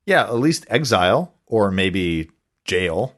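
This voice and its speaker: A man's voice: lowish voice, big pitch swings, slow pace, fairly bright tone. A man co-hosting a podcast in casual chat, rambling with frequent restarts and chuckles. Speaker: podcast co-host.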